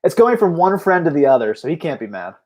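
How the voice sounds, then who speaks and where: A man's voice: on the high side, very animated, fast, darkish tone. A man co-hosting a casual chat, telling stories and laughing often. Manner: chatty storyteller, laughs often. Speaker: co-host.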